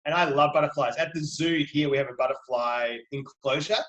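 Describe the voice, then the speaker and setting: A man's voice: fairly high pitch, a little fast, fairly bright tone, echoey room, dull audio. A middle-aged Australian man, a children's book author, chatting eagerly as a guest on a video call. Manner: chatty, enthusiastic, playful. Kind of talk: video call interview for kids.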